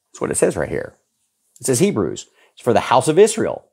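A man in his fifties preaching a sermon, emphatic and repetitive, his voice jumping suddenly in pitch to stress a point. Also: wildly swooping pitch, fairly quick, vocal fry, mellow, slightly rough. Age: 50s.

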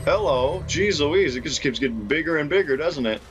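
A man casually commenting on his own video game play, excitable and chatty, laughing often. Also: fairly high pitch, normal speed, music in the background. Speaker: gaming YouTuber.

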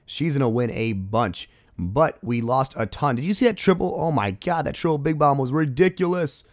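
A man hosting a gaming video, talking through a strategy game attack in casual commentary and exclaiming loudly at close calls. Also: mid-range voice, moderate pace, dry recording. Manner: excitable, exclaims at game moments.

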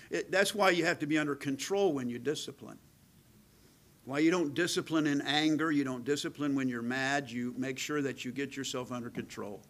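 A middle-aged man preaches a sermon in a voice pitched a little high. He leans hard into his points and asks for amens from the congregation. At other moments he drops to a soft, serious near-whisper. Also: a little fast, low-quality recording. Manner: swings from loud emphatic preaching to hushed near-whisper; calls out "amen" to the congregation. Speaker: pastor.

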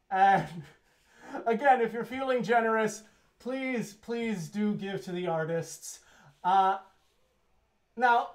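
A man hosting a live variety show casually, rambling with many fillers and poking fun at himself. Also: very high-pitched. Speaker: host.

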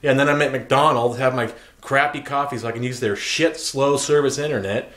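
A man's voice: medium pitch, steady tone, a little fast, a bit bright, echoey room. A man telling an aggrieved, profane story in an angry vlog rant.

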